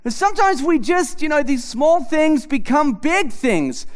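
Lively high-voiced male preacher. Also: a little slow. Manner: animated storytelling, acting out both sides of conversations. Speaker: pastor. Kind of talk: humorous sermon. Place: church.

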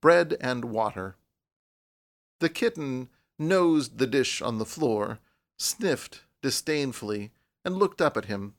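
A man narrating a storybook in a measured, even way, with a voice that sits at an ordinary middle pitch for a man. The delivery is steady, unhurried reading. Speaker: audiobook narrator. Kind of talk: scripted narration.

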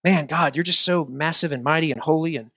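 A man's voice: a little high, fairly quick, vocal fry, sharp tone, no room sound, clean studio sound, heavily acted. A man telling a joke as a wheedling man in heaven. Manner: wheedling, leading questions. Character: eager adult man in heaven bargaining with God.

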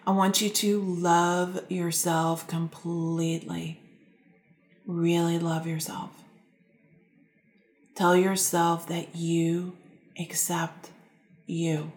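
A woman life coach gently guiding listeners through self-reflection, talking calmly with slow pauses. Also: fairly low pitch, reverberant. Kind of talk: guided self-help talk to listeners.

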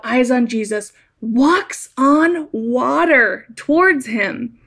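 A woman speaks slowly in a reflective spoken essay, her fairly high voice carrying a gravelly fry. She talks gently and thoughtfully, in a conversational way.

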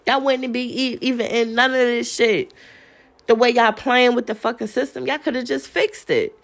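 A woman ranting on a podcast, profane and confrontational, laughing between jabs. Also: mid-range voice. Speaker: podcast host. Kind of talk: heated solo rant.

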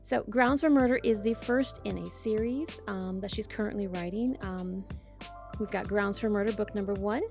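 A woman's voice: mid-range voice, moderate pace, gravelly, a little mellow, soft background music. A woman hosting a podcast, bubbly and eager, reading a novel aloud. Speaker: podcast host and reader.

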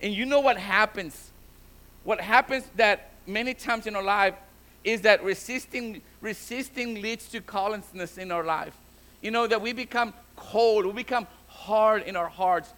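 A man's voice: high-pitched, a little slow, a bit bright. A man preaching a sermon as pastor, often repeating and restarting words and building to emphatic exhortation, switching between languages. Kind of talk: bilingual sermon.

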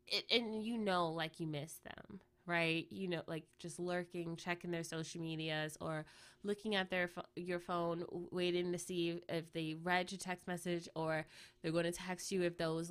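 Low-voiced woman musing with a cough. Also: a bit bright. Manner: rambling, often checks in with "right?". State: fighting a cough. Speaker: podcast host. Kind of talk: casual reflective chat.

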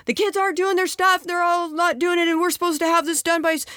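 A woman's voice: very high-pitched, steady tone, fairly bright tone, dry recording, clean studio sound, voice pushed up. A woman mimicking a frazzled, venting wife. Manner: rushed, exaggerated.

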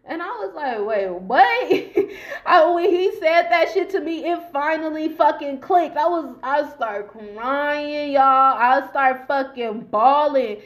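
A woman's voice: sits high, unhurried, few pauses. A woman telling a personal story casually on her podcast, blunt and profane, acting out the dialogue in raised voices. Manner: blunt and profane, lots of restarts. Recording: dull lo-fi podcast audio.

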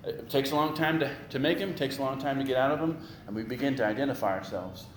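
Male pastor, mid-pitched, animated sermon delivery with repetition; echoey sanctuary recording with faint background noise. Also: quick pace. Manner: animated preaching with rising emphasis and repetition.

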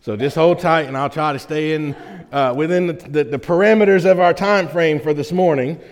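Folksy pastor in a reverberant sanctuary. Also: male voice, a little high, normal speed. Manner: folksy, with frequent "right?" check-ins to the congregation. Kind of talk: conversational sermon to a congregation. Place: church sanctuary.

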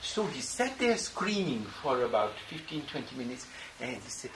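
A man's voice: mid-range voice, moderate pace. A man, a spiritual teacher, telling a story to a gathering and acting out the voices in it. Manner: animated, acts out quoted dialogue. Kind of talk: storytelling answer to a question. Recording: echoey room, distant mic, noisy ambience.

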